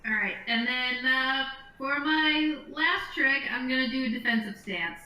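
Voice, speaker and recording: A woman's voice: sits high, a little slow, distant mic, crowd noise. A woman playing a tabletop game with dry, laid-back remarks. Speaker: player. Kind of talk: casual tabletop game play. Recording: roomy echo, a bit away from the mic.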